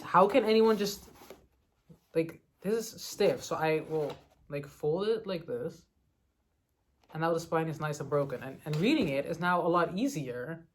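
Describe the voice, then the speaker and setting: A woman's voice: low-pitched, a little mellow. A young woman from the Netherlands chatting casually as a book vlogger, answering questions with lots of fillers and little laughs. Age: young adult. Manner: chatty, many "like" fillers, giggly asides. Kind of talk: casual chat answering a reading tag.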